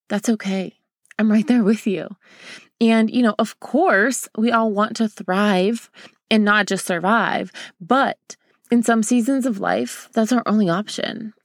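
A young woman hosts her podcast in a casual, confiding way, speaking to the listener like a close girlfriend. She sounds open and emotional. Her voice sits at an average pitch, recorded close and dry with no room echo. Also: a little mellow. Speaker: podcast host. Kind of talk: casual heartfelt podcast talk.

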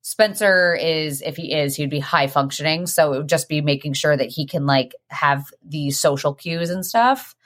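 Young woman, low voice, animated casual podcast co-host. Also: moderate pace, few pauses. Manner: animated, storytelling, laughs often. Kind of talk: casual chat.

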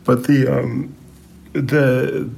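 A man's voice: medium pitch, little pitch movement, extremely slow, creaky, a little mellow. A man co-hosting a podcast, talking in a casual, hesitant way full of fillers and restarts. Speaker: podcast co-host. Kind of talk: casual chat.

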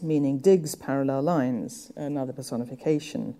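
A woman giving a measured, thoughtful lecture on poetry, with occasional fillers. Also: low voice, mellow. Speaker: literature lecturer.

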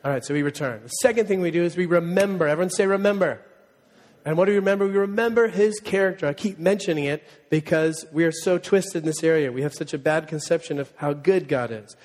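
A man preaching a sermon as pastor, animated and joking, leading the congregation in call-and-response. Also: on the high side. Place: church sanctuary. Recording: long reverb of a church hall.

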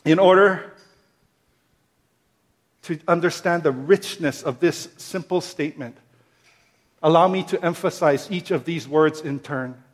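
A man preaching a sermon as pastor, repeating phrases in a steady rhythm, building to emphatic peaks and then dropping soft. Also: a little high. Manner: slow, deliberate delivery.

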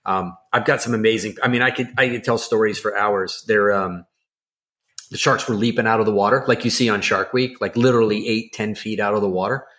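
A man co-hosting a podcast, telling a story in a casual, excitable, rambling way with lots of fillers. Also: lowish voice, a little fast. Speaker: podcast co-host.

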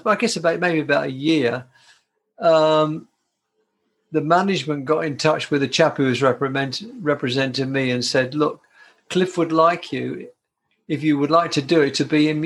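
An older British man, a guitarist, performer and interview guest, shares anecdotes from his career. His gravelly voice sits slightly high for a man, and his warm, rambling, chatty manner involves frequently stopping to restart sentences.

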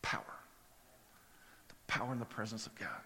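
A man's voice: on the low side, expressive, normal speed, pushed and bright. A man preaching a sermon in a casual, conversational way, telling stories and often repeating words as he starts a sentence. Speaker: pastor. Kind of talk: sermon with storytelling. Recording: long hall reverb.

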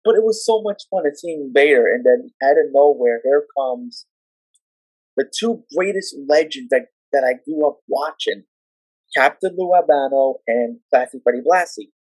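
Husky animated man telling stories. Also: mid-range voice, dry recording, low-quality recording. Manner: animated, acts out the people he quotes; rapid run-on retelling of wrestling memories. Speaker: podcast guest and storyteller. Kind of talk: casual podcast storytelling.

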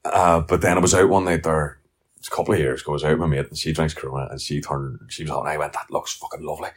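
Talking very fast in an extremely low, steady voice, a middle-aged podcast host with a Northern Irish accent delivers a casual ranting monologue full of blunt, sweary stories.

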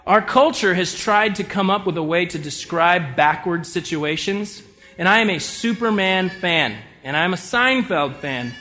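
A man preaching a sermon, telling stories in an animated way and swinging between loud and soft delivery. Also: high-pitched, a little slow. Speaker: pastor.

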